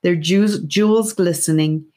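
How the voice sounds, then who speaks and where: A woman narrating a children's fantasy audiobook in a steady, careful reading voice. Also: lowish voice, unhurried. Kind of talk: scripted narration.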